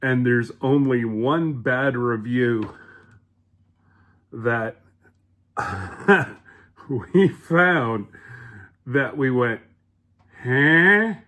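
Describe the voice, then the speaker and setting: Man, very slow talker, rambling home cooking vlog, chatty, lots of ums. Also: medium pitch, a bit bright. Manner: rambling, chatty, many fillers and restarts.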